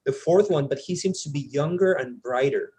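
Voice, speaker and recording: A man's voice: a little high, lively intonation, normal speed, mellow, breathy edge. A man leading a casual book discussion, often checking in with tag questions like "right?".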